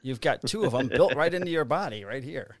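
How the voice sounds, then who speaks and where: A man's voice: mid-range voice, expressive, fairly quick, dry recording. Joking man co-hosting a podcast. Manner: joking, rambling storyteller. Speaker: podcast co-host. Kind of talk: casual podcast chat and sponsor read. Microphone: studio podcast mic.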